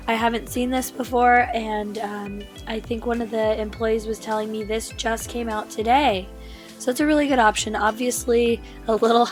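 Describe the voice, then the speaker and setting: Casual vlogger, woman, raspy from laryngitis, higher voice, light music bed. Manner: chatty, enthusiastic, many fillers. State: hoarse from laryngitis. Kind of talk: casual shopping vlog voiceover.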